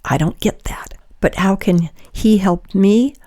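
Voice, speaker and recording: An older woman hosting a candid podcast, talking earnestly in a halting way with frequent restarts. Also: mid-range voice, warm tone. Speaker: podcast host.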